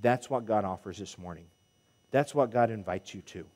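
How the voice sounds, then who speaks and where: Preacher in a reverberant church. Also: male voice, lowish voice, moderate pace. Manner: animated, rising emphatic calls to the congregation. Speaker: pulpit minister. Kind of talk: sermon. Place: church sanctuary.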